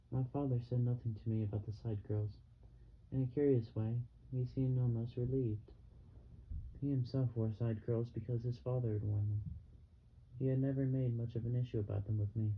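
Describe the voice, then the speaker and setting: A man reading an audiobook novel in a calm, measured narration. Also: mid-range voice. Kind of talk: scripted narration. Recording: dull, slightly muffled with faint hiss.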